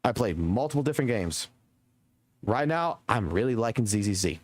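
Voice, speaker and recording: A man's voice: on the low side, animated, moderate pace. Profane ranting male streamer. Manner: profane, emphatic, repeats himself. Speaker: game streamer. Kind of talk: casual ranting to chat.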